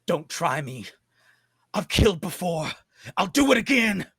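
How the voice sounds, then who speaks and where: A man voicing a furious young teenage vampire girl who screams in a shrill, threatening voice. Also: sing-song, unhurried, a bit bright, husky, dry recording, studio quality, heavily acted. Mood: menacing.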